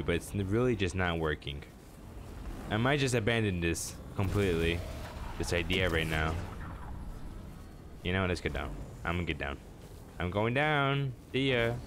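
A young man with a low voice gives live commentary over his own game at home. His pitch swings widely as he jokes at himself and taunts opponents. Faint noise sits behind him. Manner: animated, self-mocking, talks to opponents. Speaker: gaming channel host.

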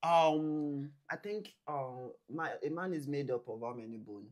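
A man's voice: on the high side, a little slow. A man, chatting casually on a couple's vlog and acting out what people said. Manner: animated, acts out quotes, Nigerian Pidgin touches. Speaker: vlog co-host. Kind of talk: casual storytelling chat.

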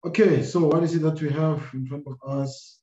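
A man teaching a maths lesson, talking his way through a graph problem out loud, with many fillers and a habit of checking "right?" after each step. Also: fairly high pitch, fairly even intonation, moderate pace. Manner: thinking aloud, many fillers and repeated "right?". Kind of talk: screen-recorded maths lesson. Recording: roomy, dull lo-fi sound.

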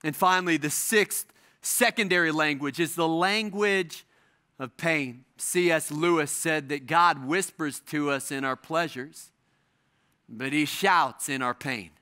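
A middle-aged male pastor preaching a sermon, stressing his points with repetition and dramatic pauses. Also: a little high, bright, forceful tone, clear, resonant tone.

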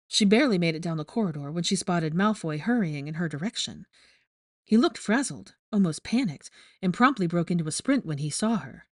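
A woman reading fan fiction aloud with steady, measured storytelling. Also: fairly low pitch, dry recording, clean studio sound. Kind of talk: audiobook narration.

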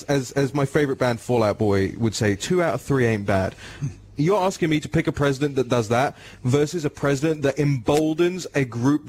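A man's voice: on the high side, darkish tone, slight background noise. A man with an English accent hosting a talk radio show, speaking emphatically and addressing listeners directly.

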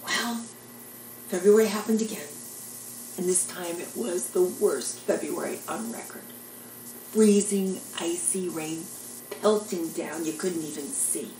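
A woman's voice: lowish voice, measured pace, a little mellow, roomy sound, distant mic, slight background noise, rough recording. An older woman telling jokes and rambling stories in a chatty, self-deprecating way. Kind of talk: casual storytelling monologue.

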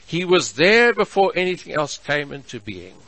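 A man preaching a sermon as pastor, measured and emphatic, stretching out his key words. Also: a little high, sing-song, fairly bright tone, no echo, poor audio. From South Africa.

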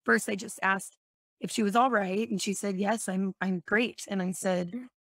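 A woman's voice: medium pitch, fairly even intonation, moderate pace, a bit bright, dry recording. Earnest woman retelling a vivid dream. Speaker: guest. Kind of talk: emotional personal storytelling.

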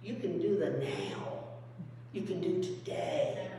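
A woman's voice: slow pace, vocal fry, warm tone. A woman pastor preaching a folksy sermon, telling stories and acting out phone calls and quotes. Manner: storytelling, acts out phone calls and quotes in a high voice. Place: church sanctuary. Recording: very echoey hall from far off with faint hum.

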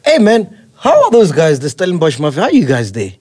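A man's voice: a little high, huge pitch swings, fast talker, a little mellow, slightly rough. A man hosting a podcast, asking casual, prodding questions. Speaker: podcast host. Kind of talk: podcast interview.

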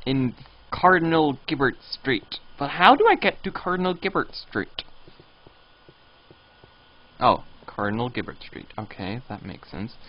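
Male streamer, lively swinging pitch, rambling commentary, reads chat aloud, muffled low-fi sound. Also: measured pace, long pauses. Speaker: game streamer. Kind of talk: live gameplay commentary. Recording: dull lo-fi stream audio.

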